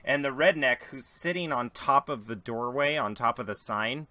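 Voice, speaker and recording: A man narrating as game master, dramatic and lively, jumping into voices for characters. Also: medium pitch, normal speed, no room sound.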